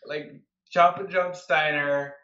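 A man co-hosting a casual wrestling chat, jokey and full of quick quips. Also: on the high side, steady tone, bright, forceful tone, echoey room, lo-fi sound. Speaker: podcast co-host.

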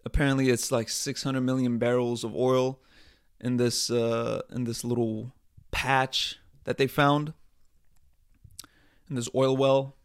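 A man hosting a podcast, talking in a casual comedic rant, animated and profane, rambling with frequent restarts. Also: mid-range voice, slow pace, pauses often, clean tone. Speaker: podcast host.

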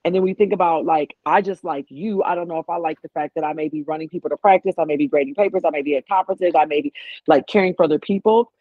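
A woman's voice: low-pitched, fast talker, dry recording. A woman guest in a casual chat, talking animatedly and acting out what others said. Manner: animated, acts out quotes. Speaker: podcast guest. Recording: tinny phone-like line, dry.

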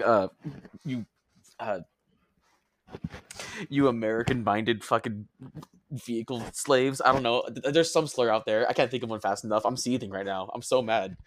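Mock-outraged, swinging-pitch podcast man. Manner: mock-outraged, profane, teasing. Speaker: podcast co-host. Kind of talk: casual heated banter.

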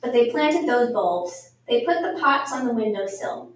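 A woman's voice: fairly high pitch, expressive, measured pace. Woman reading a storybook aloud, echoey. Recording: echoey room, mic far off.

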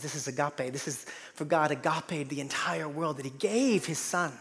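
A man preaching a sermon in a church, dynamic, swinging from loud to hushed. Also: on the high side, normal speed, in a large hall. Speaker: pastor. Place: large church hall.

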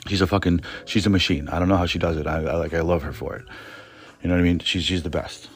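A man's voice: deep voice, steady tone, quick pace, soft background music. A man telling a rambling, profane story in a casual podcast monologue, full of restarts. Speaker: podcast host.

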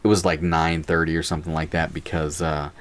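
A man's voice: very deep voice, a little fast. A man casually telling a funny story, acting out quotes and laughing as he talks. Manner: animated, acts out quotes, laughs while telling.

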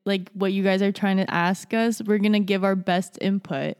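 A woman's voice: medium pitch, steady tone, normal speed, clear, resonant tone, in a large hall. A young woman co-hosting an advice podcast, rambling casually with many restarts. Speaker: podcast co-host. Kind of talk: casual chat.

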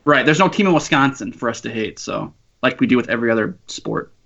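A man's voice: medium pitch, animated, quick pace, gravelly, a bit bright, muffled recording. A man joking and laughing in a casual sports podcast chat, often unsure of himself. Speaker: podcast co-host.

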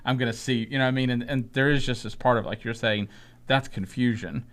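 A man's voice: mid-range voice, fairly even intonation, brisk, fairly bright tone. A man co-hosting a church podcast, talking in a rambling way and often asking "you know what I mean". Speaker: podcast co-host. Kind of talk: religious discussion podcast.

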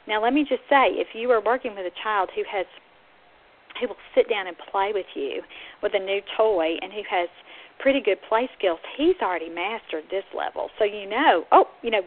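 Woman teacher on a tinny phone-like line. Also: mid-range voice. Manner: earnest, talks straight to listeners. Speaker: speech-language pathologist. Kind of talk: podcast teaching talk. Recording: phone-like narrow sound.

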